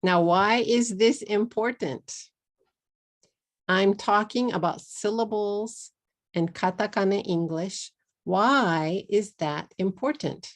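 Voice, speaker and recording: A middle-aged woman with a Texas accent teaching English pronunciation, repeating words slowly and clearly for learners. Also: medium pitch. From Texas, USA. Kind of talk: pronunciation lesson.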